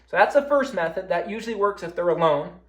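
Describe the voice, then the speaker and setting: A young man with a high voice and lively intonation talks quickly in a casual recorded session on hunting. As the presenter, he explains his methods while demonstrating them with hands-on calling, and the room sounds echoey.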